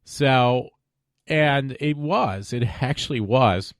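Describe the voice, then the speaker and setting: A man talks casually into a desk microphone at home, hosting his own show with a middle-pitched voice. He rambles, trails off and drops in sarcastic, mock-pleading asides. The sound is dry and close with no room echo. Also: slow pace. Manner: rambling, many fillers and trailing off. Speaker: podcast host. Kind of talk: casual solo web show chat.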